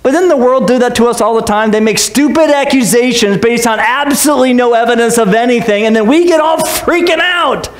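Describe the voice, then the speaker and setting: A male pastor preaching a sermon in a church, animated and joking, with sarcastic asides. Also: very high voice, a little fast, few pauses, echoey room.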